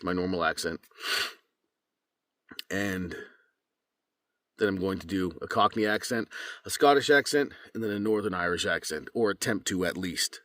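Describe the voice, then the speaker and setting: Deep-voiced man chatting casually. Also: no echo, clean studio sound. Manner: relaxed, rambling, many fillers. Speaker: voice actor. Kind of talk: casual vlog talk.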